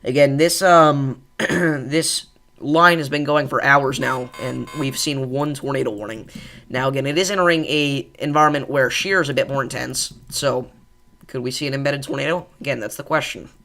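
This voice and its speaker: A man hosting live severe weather coverage, calmly reassuring viewers and thinking aloud with fillers as he reads radar. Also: medium pitch, normal speed. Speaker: weather livestream host.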